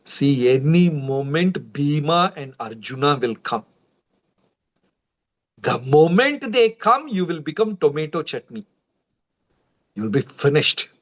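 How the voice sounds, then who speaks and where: A man's voice: a little high, big pitch swings, a little slow, long pauses, fairly bright tone. A man voicing a gracious, courteous queen. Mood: defiant. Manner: courteous, pleading, then warning. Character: gracious queen, polite then defiant. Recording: dull lo-fi livestream audio.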